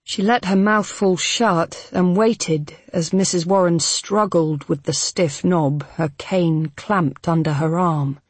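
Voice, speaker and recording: Audiobook narrator: measured, even reading, slightly husky voice, dry close studio sound. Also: mid-range voice, no room sound. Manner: measured, even storytelling delivery.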